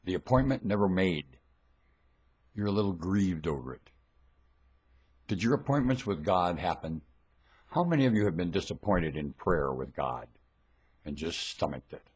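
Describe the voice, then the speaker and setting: A man giving a rambling, scornful religious monologue into a webcam at home, dropping to low mutters and then bursting into shouts. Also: animated, normal speed, long pauses, slightly rough, muffled recording. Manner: preachy, scornful, lectures the listener.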